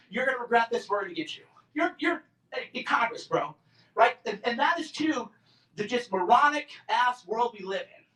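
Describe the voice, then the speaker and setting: A man's voice: extremely high pitch, a bit bright. Combative man in his forties, roomy. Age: 40s. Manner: combative, sarcastic, mocks others in put-on voices. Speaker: invited speaker. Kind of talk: campus talk to a student group. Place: lecture room on a college campus. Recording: roomy and distant from the mic.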